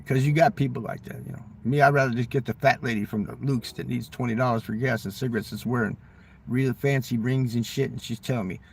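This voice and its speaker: A man with a smoker's rasp, rambling through a profane political rant. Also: mid-range voice, steady tone, fast, distant mic, slight background noise. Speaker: vlogger.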